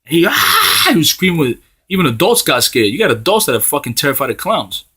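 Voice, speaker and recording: A man delivering a profane, heated street-style sermon, tagging "man" onto his phrases and reading scripture slowly in old-style wording. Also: fairly high pitch, very animated, fairly bright tone, husky. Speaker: preacher.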